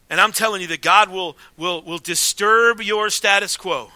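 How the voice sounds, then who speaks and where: A man preaching a sermon as pastor, emphatic, swinging between loud declarations and hushed asides. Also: sits high, normal speed, no room sound.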